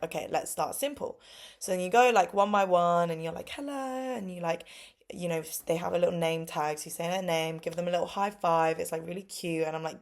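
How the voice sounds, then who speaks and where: A woman in her twenties with a London accent, telling a casual storytime about teaching, full of fillers, and her pitch leaps up when she acts out quotes. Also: darkish tone. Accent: London English. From London, England. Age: 20s. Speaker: English teacher vlogger. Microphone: phone or laptop mic.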